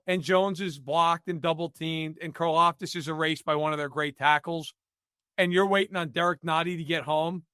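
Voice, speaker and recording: A man's voice: a little high, steady tone, moderate pace, pushed and bright, clean tone, dry recording, studio quality. A man giving blunt, opinionated football analysis in a casual podcast chat. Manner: emphatic, opinionated, many "like" fillers.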